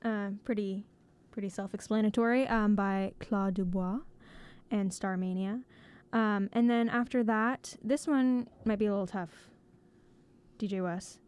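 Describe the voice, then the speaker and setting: A woman DJ on a small radio station, talking loosely between songs. Her voice sits in an ordinary middle range, and she often pauses on filler sounds and breaks into a soft laugh. It has the easy feel of studio chat. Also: medium pitch, fairly even intonation, clean tone. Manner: hesitant, full of ums and giggles. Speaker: college radio DJ. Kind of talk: casual on-air chat.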